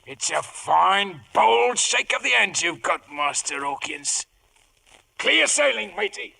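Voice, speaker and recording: An actor playing a hearty, scheming one-legged pirate cook with a gravelly seafaring brogue in a 1950s radio drama. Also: male voice, high voice, big pitch swings, slow, sharp tone, a little hiss or hum, full character voice. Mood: wheedling.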